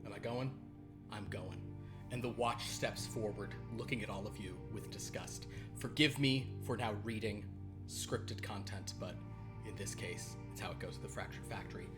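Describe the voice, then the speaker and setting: A man narrating as game master of a horror tabletop role-playing game, quick and low-key with asides. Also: music in the background.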